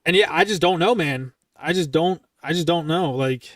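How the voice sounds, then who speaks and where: A young man telling military stories in casual, profane style, bluntly and with lively quoted dialogue. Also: on the high side, moderate pace, recorded from a distance. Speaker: streamer recounting military stories.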